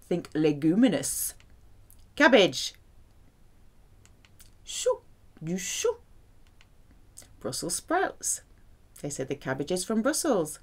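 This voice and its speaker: A French woman teaching vocabulary, pronouncing each word slowly and carefully. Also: fairly low pitch, very animated. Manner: slow, careful pronunciation drills. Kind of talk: vocabulary lesson.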